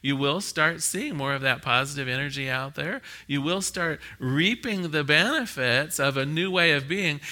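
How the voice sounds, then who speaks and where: A man preaching a conversational sermon, reading scripture aloud and telling stories with an animated, laughing manner. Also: a little high. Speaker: minister.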